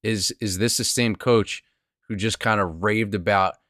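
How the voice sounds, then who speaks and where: A man's voice: fairly low pitch, fairly even intonation, measured pace, fairly bright tone, no room sound, clean studio sound. A man hosting a podcast interview, asking long questions with many restarts and fillers. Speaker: podcast host.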